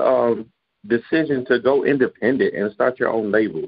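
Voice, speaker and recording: A man's voice: medium pitch, normal speed, husky. A man interviewing a guest, attentive and affirming as he asks questions. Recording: muffled sound.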